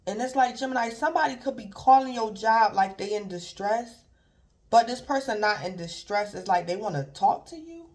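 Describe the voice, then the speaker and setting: Her voice is on the high side, expressive and darkish, at a moderate pace, as this woman gives a casual tarot reading. She rambles repetitively with filler "like" and little chuckles, acting out imagined callers in brief quoted voices.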